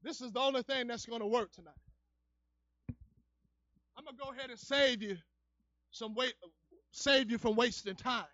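A male evangelist preaching a church sermon, dropping to low murmurs and then rising into fervent shouting, captured on a dull, lo-fi recording. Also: fairly even intonation, moderate pace, long pauses, dry recording. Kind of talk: fiery preaching. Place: church service.

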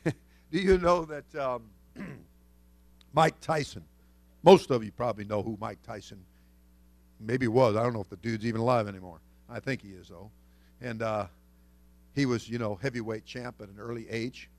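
A male senior pastor preaching a sermon in a folksy storytelling way, swinging from loud to hushed. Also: medium pitch, no echo.

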